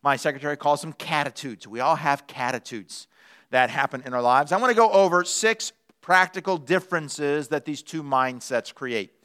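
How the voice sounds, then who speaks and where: A man's voice: on the high side, normal speed, sharp tone. A man pastor preaching a sermon in a church, telling a playful story with shifting pace. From United States.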